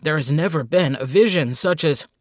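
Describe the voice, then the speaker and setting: A man voicing a nervous, fawning male demon supervisor, squeaky and stammering in an audiobook. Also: normal speed, no room sound, clean studio sound, close to an everyday voice. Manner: stammering, flustered and obsequious. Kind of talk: audiobook character voice.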